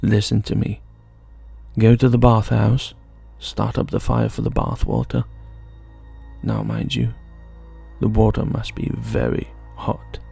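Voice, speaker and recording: A man's voice: on the low side, steady tone, measured pace, creaky, dark tone, husky, faint music behind, exaggerated voice. A man voicing a wicked, hungry old witch in a told fairy tale, speaking with a falsely sweet manner. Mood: scheming. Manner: sugary sweet when scheming.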